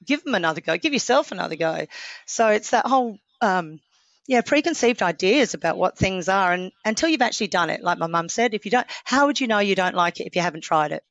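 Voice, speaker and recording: A woman in her forties from Australia, a podcast guest telling stories in a lively, chatty way and acting out what people said. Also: mid-range voice, quick pace, no room sound, lo-fi sound. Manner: lively storyteller, acts out quotes. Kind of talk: casual interview chat.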